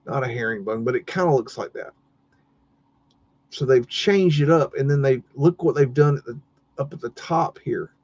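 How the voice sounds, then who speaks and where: Man, live-stream host, loose rambling chat, mid pitch, slightly muffled lo-fi audio. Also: darkish tone. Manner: rambling, muttering, mildly cursing. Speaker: livestream host. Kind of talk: casual live-stream commentary.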